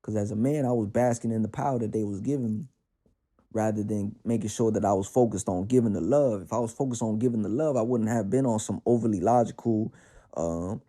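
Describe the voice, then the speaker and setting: A man's voice: mid-range voice, a little fast, warm tone. A man from the Bronx with a New York accent, musing in a slangy, streetwise way during a casual spiritual monologue at home. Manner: slangy, reflective, streetwise talk with many fillers. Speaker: podcast host. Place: at home with his cat.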